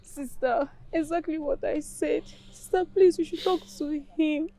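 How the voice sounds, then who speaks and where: A very high, urgent pleading woman. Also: fairly even intonation, a little slow, mellow. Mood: urging. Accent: Nigerian English. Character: anxious woman urging her sister to intervene. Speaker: actress.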